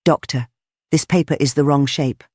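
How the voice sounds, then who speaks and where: A reader voicing a mild, unassuming small male priest detective in an audiobook, quiet and calm in manner. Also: medium pitch, moderate pace, no echo, clean studio sound, close to an everyday voice. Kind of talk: audiobook dialogue.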